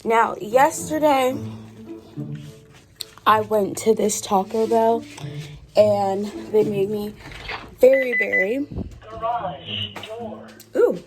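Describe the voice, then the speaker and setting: A young woman vlogging casually to her viewers from her car, expressive and exasperated, calling them y'all. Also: mid-range voice, extremely slow, long pauses. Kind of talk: casual vlog talk to camera. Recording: background music under voice.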